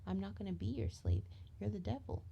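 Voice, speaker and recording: A tired woman rants and vents in a gravelly, mellow voice, slipping into half-whispers between sharper swearing. Her pitch swings widely, sitting on the low side. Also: huge pitch swings, brisk, highs cut off, a little hiss or hum. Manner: profane ranting, often dropping to a whisper. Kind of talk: rambling venting monologue.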